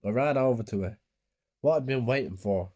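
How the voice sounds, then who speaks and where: Guy reading a bedtime horror story, mellow dark tone, subdued. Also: mid-range voice, fairly quick. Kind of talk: scripted horror story narration.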